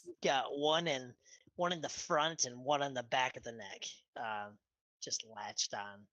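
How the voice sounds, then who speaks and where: A man's voice: mid-range voice, a little slow, a bit bright, dry recording, dull audio. A man narrating as game master of a tabletop game, hesitant and full of fillers.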